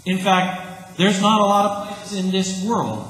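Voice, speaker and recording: A man's voice: sits high, unhurried, a bit bright, slight background noise. A man preaching a sermon in a church, earnest and emphatic in an easy, conversational way. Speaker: pastor. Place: church sanctuary. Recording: echoey church hall, faint ambience.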